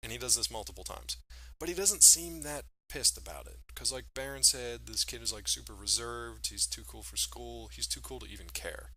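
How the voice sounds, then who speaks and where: A man's voice: medium pitch, moderate pace, bright, forceful tone, low-quality recording. A man co-hosting a podcast, chatting loosely and joking about a film he watched. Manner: joking, loose, lots of fillers. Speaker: podcast co-host. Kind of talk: casual chat reviewing a film.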